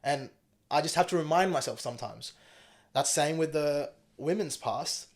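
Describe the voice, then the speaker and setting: A young man, speaking in a voice pitched a touch higher than most men. He is a podcast guest in a casual studio chat, blunt and opinionated, with plenty of swearing. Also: moderate pace. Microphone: studio mic.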